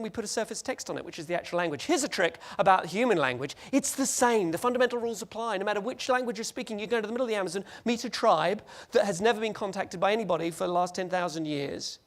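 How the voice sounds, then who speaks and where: A man giving a lively, joking conference presentation and acting out little scenes. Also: sits high. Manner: animated, jokey, acts out scenes. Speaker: conference speaker.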